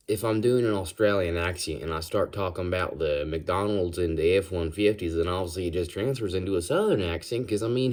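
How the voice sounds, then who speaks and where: An American man rambling casually in an ASMR-style monologue, drifting between put-on accents with some vocal fry. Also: deep voice, darkish tone.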